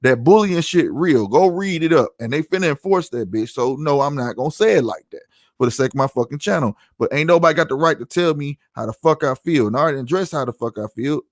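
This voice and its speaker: A man's voice: fairly high pitch, expressive, quick pace, dry recording, studio quality. A middle-aged man hosting his own podcast, ranting in a heated, profane, emphatic way to his live chat. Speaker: podcast host. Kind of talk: heated solo livestream rant.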